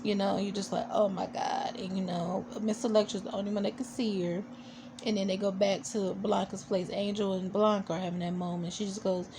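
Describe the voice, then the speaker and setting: A woman's voice: mid-range voice, steady tone, fairly quick, noisy background. A woman recapping a TV episode in a casual vlog, chatty and opinionated, with sassy asides and lots of fillers. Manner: chatty, full of "you know" and fillers. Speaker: TV show reviewer.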